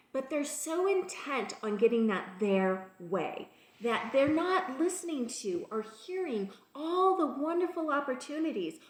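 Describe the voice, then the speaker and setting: A woman with a high, bright voice delivers an emphatic motivational faith talk. She repeats her key points and talks straight to her listeners. The sound rings a little, as in an echoey room. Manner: emphatic, repeats key phrases, addresses listeners as "you guys" and "people". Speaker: spiritual teacher.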